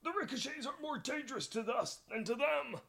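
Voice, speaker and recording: A man's voice: extremely high pitch, lively intonation, brisk, vocal fry, fairly bright tone, voice pushed up, heavily acted. A man barking as a bossy alien captain. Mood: commanding. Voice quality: made-up foreign accent.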